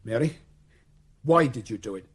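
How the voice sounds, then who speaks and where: A man's voice: mid-range voice, lively intonation, moderate pace, husky. An actor playing an earnest young Royalist officer who pleads passionately for his faith and king, in a 1970s radio drama. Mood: anguished. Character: young Royalist officer, devout, principled, torn.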